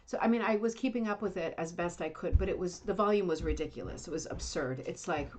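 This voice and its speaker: A woman's voice: fairly low pitch, quick pace, few pauses, slight background noise. A middle-aged woman hosting a casual livestream chat from home, chatty, rambling and self-deprecating. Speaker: livestream host. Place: home, Indiana.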